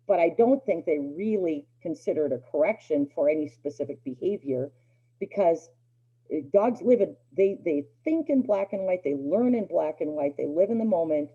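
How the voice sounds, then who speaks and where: A middle-aged woman with a low, husky voice lectures a dog obedience class. She talks casually and circles back with fillers and restarts. The recording sounds dull and lo-fi. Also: animated, normal speed, warm tone. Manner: conversational, many fillers and restarts.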